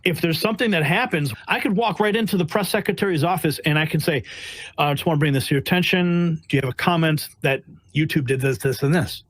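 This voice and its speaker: A man speaking as a White House press correspondent tells his stories in an animated interview, bluntly and emphatically, acting out the voices of the people involved. His voice is fairly high and fast. The recording is rough, with no room sound.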